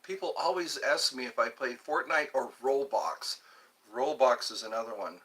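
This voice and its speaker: A man's voice: mid-range voice, normal speed, a bit bright, breathy edge. An older man hosting a casual livestream, reading viewer comments aloud and playing along with them. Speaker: livestream host.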